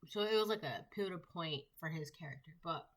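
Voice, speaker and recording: A woman's voice: sits low, fairly quick. A woman giving a casual tarot reading, talking in a rambling way with many fillers and restarts. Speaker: tarot reader.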